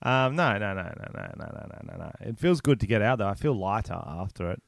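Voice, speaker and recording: A man's voice: lowish voice, very animated, fast, vocal fry, no room sound, studio quality. A young man with a New Zealand accent, co-hosting a podcast and telling crude, rambling stories as a joking storyteller. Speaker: podcast co-host. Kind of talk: crude casual podcast banter.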